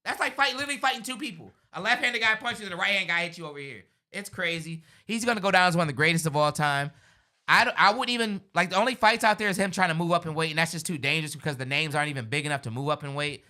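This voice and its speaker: A man hosting a casual sports talk livestream, animated and chatty. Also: on the high side, racing. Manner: animated, says "bro" and "you know what I'm saying". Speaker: sports show host.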